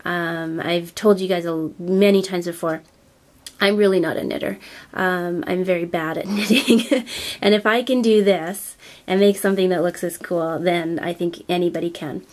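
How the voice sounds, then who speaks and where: A woman's voice: on the low side, steady tone, normal speed, darkish tone. A woman who is feeling unwell, with a nasal voice and a bit short of breath, chatting casually through a crafting how-to with plenty of ums. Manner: chatty, with many ums and self-corrections. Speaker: crafting video host.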